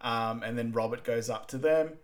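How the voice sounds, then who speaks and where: A man co-hosting a casual film rewatch podcast, recapping scenes in a relaxed way with many ums. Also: mid-range voice, normal speed. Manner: relaxed, lots of ums, plain storytelling. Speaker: podcast co-host.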